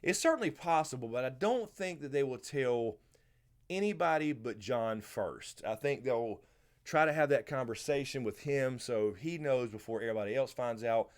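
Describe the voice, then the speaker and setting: A man's voice: medium pitch, moderate pace. A man with a Southern American accent hosting a live question-and-answer stream, chatting loosely and greeting viewers by name. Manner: relaxed, rambling, answers chat by name. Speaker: livestream host. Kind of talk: casual live Q&A chat.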